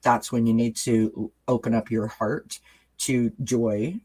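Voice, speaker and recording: A man's voice: mid-range voice, level tone, slow pace, darkish tone. Brief male host, casual chat, mid-range voice, candid and earnest, addresses viewers directly. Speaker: channel host.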